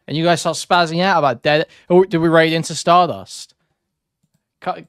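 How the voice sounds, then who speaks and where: A man's voice: on the high side, fairly even intonation, normal speed, fairly bright tone, clean tone, no echo, clean studio sound. A man streaming live, talking in a blunt, sarcastic, rambling way as he reacts to chat. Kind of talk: casual live-stream commentary.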